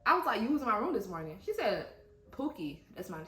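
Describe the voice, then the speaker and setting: A woman co-hosting a vlog, telling stories in a casual, animated way, full of swearing and frequent laughter. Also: mid-range voice, fast. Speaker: vlog co-host. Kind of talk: casual storytelling. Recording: roomy sound with music behind.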